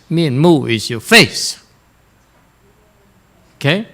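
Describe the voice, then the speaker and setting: Guy teaching meditation, blunt, keeps asking okay, mid-pitched voice. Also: measured pace, pauses often, fairly bright tone. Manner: blunt, frequently checks in with "Okay?". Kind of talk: Dharma lecture to students.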